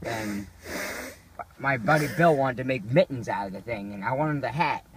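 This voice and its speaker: A man's voice: medium pitch, moderate pace, noisy background. A man casually telling rambling, profanity-laced stories to a friend. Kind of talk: casual storytelling.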